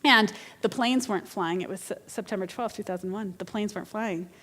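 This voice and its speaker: A woman's voice: mid-range voice, fairly quick, a bit bright. Woman preaching in a reverberant hall. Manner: earnest, conversational preaching with personal storytelling. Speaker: guest minister. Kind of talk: sermon. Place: church sanctuary.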